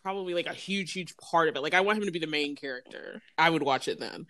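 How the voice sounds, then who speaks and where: A woman's voice: low-pitched, expressive, fairly quick, a bit bright, no room sound. A woman co-hosting a casual podcast, bubbly and giggly, laughing through her stories. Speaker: podcast co-host. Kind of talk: casual chat.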